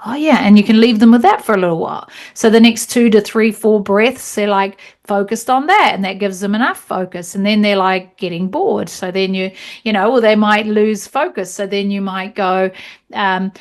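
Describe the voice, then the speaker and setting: A woman teaching meditation trainees over a video call, demonstrating guiding cues in a slow, calm voice. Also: medium pitch.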